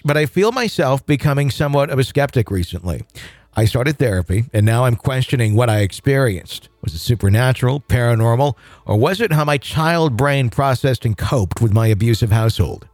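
A male podcast host reads a listener's ghost story aloud at a middle pitch. His delivery is even and conversational, with a few small slips. The recording is dry and close, with no room sound. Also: no echo.

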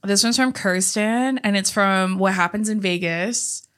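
Bright young woman reading listener quotes. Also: mid-range voice. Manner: reads out listener quotes, quick casual reactions. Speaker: podcast co-host. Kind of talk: casual chat.

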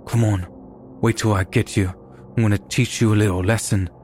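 A man's voice: fairly low pitch, steady tone, moderate pace, soft background music, close to an everyday voice. A man doing a drunk, taunting football hooligan. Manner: taunting, shouted lines. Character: drunk aggressive male football hooligan, menacing.

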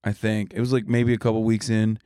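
A man's voice: on the low side, flat delivery, fairly quick, warm tone, dry recording, studio quality. A man talking casually as a podcast guest, blunt and profane, laughing often. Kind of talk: casual chat.

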